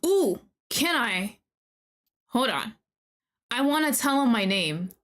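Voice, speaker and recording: Excitable woman streamer, slightly high voice, gushes over a game and talks to its characters. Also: slow pace. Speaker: VTuber streamer. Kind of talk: let's-play commentary.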